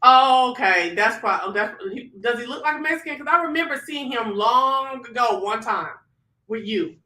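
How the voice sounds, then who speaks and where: A live-stream host chatting casually with viewers, animated and swearing freely, talking into a phone. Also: medium pitch, normal speed.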